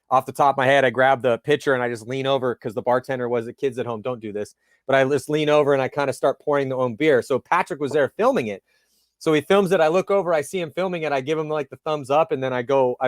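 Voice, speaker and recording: A male host of an interview show, chatting casually and telling a lively story in which he acts out the dialogue. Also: medium pitch, dry recording, studio quality. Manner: animated storyteller acting out dialogue.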